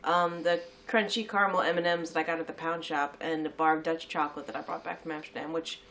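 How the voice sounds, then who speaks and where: A woman chatting casually as co-host of a sweets-tasting video, talkative and quick to laugh. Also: sits low, little pitch movement, fairly bright tone. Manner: chatty and giggly, reads labels aloud. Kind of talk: casual chat.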